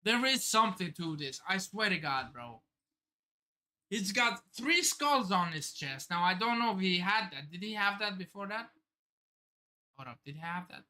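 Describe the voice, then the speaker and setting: A man reading a manga chapter aloud on a live stream, reacting with excited outbursts and casual swearing. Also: sits high, normal speed.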